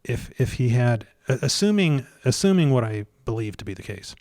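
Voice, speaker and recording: A man's voice: medium pitch, no echo. Guy telling a long story, lots of uh and restarts, mid voice, dry close sound. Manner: halting, many restarts and fillers; animated when retelling scenes. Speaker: guest researcher. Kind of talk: casual storytelling recap.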